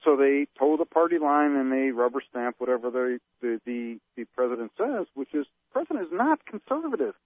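A man's voice: medium pitch, big pitch swings, fairly quick, hardly any pauses, no room sound. A man on a talk radio show, ranting with animation and firing off rhetorical questions. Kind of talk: political talk radio rant. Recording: dry, tinny phone-line audio.

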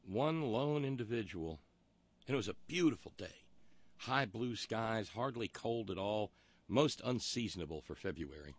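A radio talk show host with a medium-pitched voice delivers a wry, rambling monologue packed with historical asides, recorded with no echo.

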